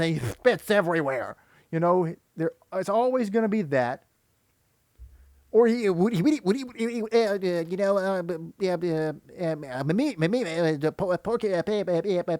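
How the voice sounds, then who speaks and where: Male voice actor turned commentator; high, dry, exasperated and critical, rambles. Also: darkish tone, dry recording. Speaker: YouTuber and voice actor. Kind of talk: commentary video rant.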